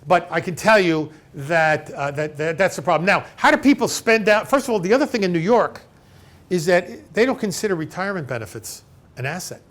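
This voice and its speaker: An elder law attorney gives a conversational seminar to a live audience, retelling client conversations and frequently checking in with "okay?". His voice sits high and moves briskly, and he's an animated storyteller who acts out both sides of each exchange.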